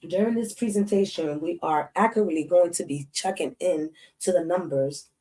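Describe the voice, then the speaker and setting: A woman putting on the voice of a poised professional woman giving a formal presentation, measured and proper. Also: fairly low pitch, warm tone, recorded from a distance, close to an everyday voice, poor audio. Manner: formal, measured corporate delivery.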